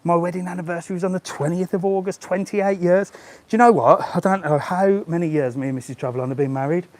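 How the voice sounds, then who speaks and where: This middle-aged travel vlogger talks fast in a high, slightly mellow voice with a steady tone, and there's no room sound. He's live-streaming on a handheld gimbal camera as he walks the resort grounds outdoors, joking, chatting, and chuckling a lot.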